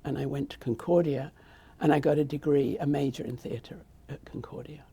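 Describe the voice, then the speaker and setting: A woman's voice: low-pitched, normal speed, warm tone, slightly rough. An older woman with a British accent, telling her story in a rambling, conversational way during an interview. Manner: rambling, with frequent restarts and asides. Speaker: interviewee, theatre founder.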